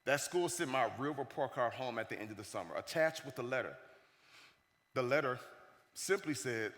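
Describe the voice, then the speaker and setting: A man giving a keynote speech, telling a story in an animated way and acting out the voices of the people in it. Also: mid-range voice, normal speed. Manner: animated, acts out the voices of the people in his stories. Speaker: keynote speaker. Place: conference hall stage. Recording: long reverb of a large hall.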